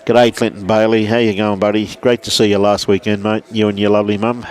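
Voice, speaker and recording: Chatty Australian lawn bowls commentator. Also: male voice, on the low side, flat delivery, brisk. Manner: chatty, matey, greets viewers by name. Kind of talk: live sports commentary with viewer shout-outs. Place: indoors behind a glass window beside the green.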